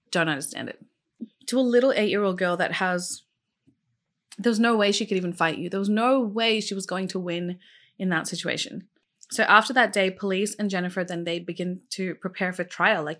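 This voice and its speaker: A medium-pitched, somewhat bright female voice hosts a true crime podcast. She narrates the case chattily, full of fillers like "like" and "um," and addresses questions directly to her audience in casual storytelling.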